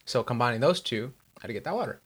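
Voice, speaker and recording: A young man co-hosting a podcast, telling stories in casual chat, animated and swearing, saying "dude" a lot. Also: mid-range voice, quick pace, slightly rough. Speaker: podcast co-host.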